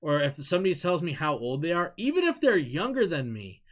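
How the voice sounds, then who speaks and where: Very animated and brisk, this adult speaks in a mid-range voice with an American accent on a casual live stream. They ramble candidly, swear freely, and laugh often as they read the chat.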